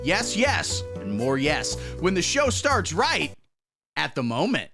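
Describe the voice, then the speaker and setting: A man hosting a satirical news show, delivering commentary in a mock-pompous, swaggering way with sudden low asides. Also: huge pitch swings, slow, creaky, over music.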